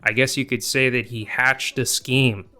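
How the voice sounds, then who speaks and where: A man's voice: mid-range voice, steady tone, unhurried, sharp tone, no room sound. A man delivering scripted comedic video game commentary, sarcastic and prone to swearing rants. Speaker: gaming video host.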